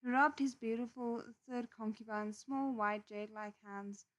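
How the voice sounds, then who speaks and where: A woman reads a novel aloud on a live stream, her voice a little high, with chatty, expressive asides between passages. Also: measured pace. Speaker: novel reader.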